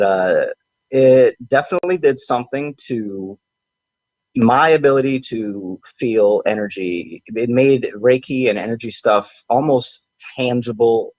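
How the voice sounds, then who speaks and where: A man telling a personal story in a casual, animated way, acting out what his friends said. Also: dry recording. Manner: animated, acts out quoted friends in higher voices. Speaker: podcast host.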